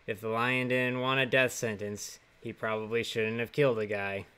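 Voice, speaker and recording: A wisecracking jail guard with a blunt, mocking way of talking, voiced by a man. The voice is bright and forceful, close to an everyday tone. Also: on the low side, little pitch movement, moderate pace, smooth.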